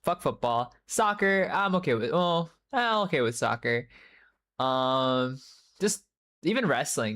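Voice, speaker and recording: A man's voice: medium pitch, expressive, a little slow, a bit bright. A young man livestreaming in casual chat, rambling, swearing freely and answering viewers by name. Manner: rambling, loose and profane, many fillers; answers chat messages by name mid-story. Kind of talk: casual live-stream chat.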